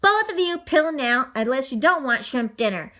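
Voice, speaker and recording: Woman playing a strict mother, raised voice, lively, bright, storybook. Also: high-pitched, normal speed. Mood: stern. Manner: scolding, raised voice. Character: stern but caring mother.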